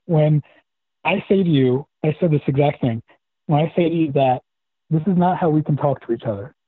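A man's voice: fairly high pitch, moderate pace, slightly rough, dry recording. Hesitant male caller on a tinny phone. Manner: hesitant, repeats words while speaking. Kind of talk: phone call-in conversation. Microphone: telephone. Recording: tinny dry phone line.

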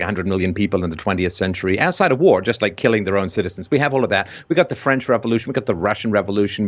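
Man w/ vaguely british colonial accent, low voice, emphatic podcast host, kinda muffled audio. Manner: emphatic, rising sharply when stressing a point. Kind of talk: intense discussion.

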